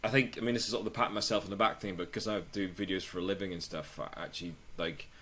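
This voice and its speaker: A man, a travel video maker, chatting casually as a podcast guest, relaxed and swearing freely. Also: fast talker. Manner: relaxed, swears casually, acts out quoted people in higher voices. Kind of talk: casual interview chat.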